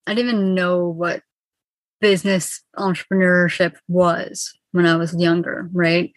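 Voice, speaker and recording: A woman in her twenties from Ontario, speaking calmly and soothingly as an interview guest on a video call. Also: lowish voice, no room sound. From Ontario, Canada. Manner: calm, soothing, measured. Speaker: guest, mindset coach.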